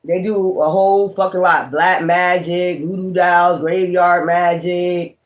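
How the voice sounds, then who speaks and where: Male tarot streamer with a high voice, delivering a profane, confrontational rant full of repetition. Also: flat delivery, measured pace. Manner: profane, confrontational, repeats himself. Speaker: tarot reader. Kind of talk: livestream rant.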